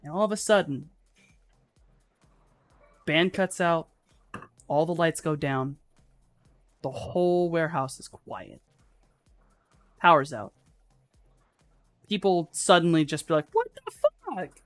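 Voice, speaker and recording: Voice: medium pitch, animated, takes it slowly, pauses often, no room sound, faint music behind. A game master narrating a live tabletop game in a casual, swearing, filler-heavy way.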